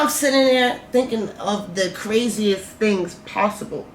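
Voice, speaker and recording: Woman telling a profane story, roomy echo. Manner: animated, profane storytelling that swings between loud outbursts and low, slow musing. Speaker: vlogger. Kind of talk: storytime vlog. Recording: roomy echo, faint background noise.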